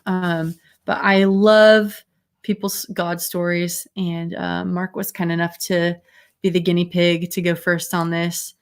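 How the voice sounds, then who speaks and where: A woman's voice: fairly low pitch, flat delivery, takes it slowly, smooth. A woman hosting a casual livestream chat over a video call, rambling with fillers and giggles. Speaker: host.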